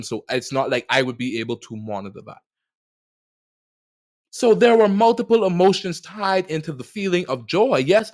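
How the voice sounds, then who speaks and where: A young man hosting a solo podcast, talking reflectively and with animated, playful riffs that swing widely in pitch and loudness. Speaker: podcast host.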